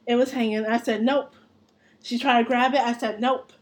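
Young adult woman host, slightly high voice, animated and profane casual storyteller. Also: fast talker. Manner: animated, profane, laughs through her story.

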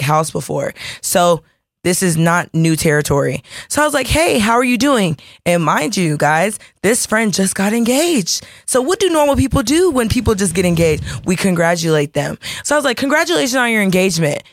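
A woman telling a story to her podcast listeners in a lively, expressive way, calling them y'all and playing out each voice in the story. Her voice is close to the mic in a dry room, with no echo. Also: mid-range voice. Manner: animated, addresses listeners as y'all, acts out quotes. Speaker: podcast co-host. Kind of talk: casual storytelling chat.

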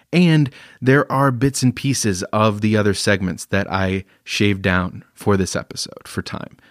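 A man's voice: lowish voice, no echo, clean studio sound. A man hosting a podcast, with a laid-back, casual way of talking and casual swearing. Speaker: podcast host. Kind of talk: casual chat.

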